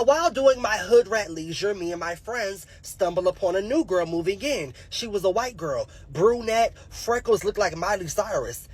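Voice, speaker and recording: A man's voice: sits high, no room sound. A man in his twenties telling a comic story from his childhood in a stand-up style, laughing at his own jokes and acting out the voices. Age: 20s. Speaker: comedian.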